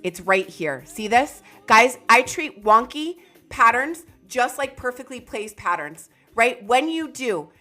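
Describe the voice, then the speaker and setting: A woman's voice, high-pitched and sharp, rings out with excitable energy. She hosts a live chart analysis stream, talking loudly and calling out to viewers by name, with faint music running underneath. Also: unhurried, few pauses. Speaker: crypto market streamer.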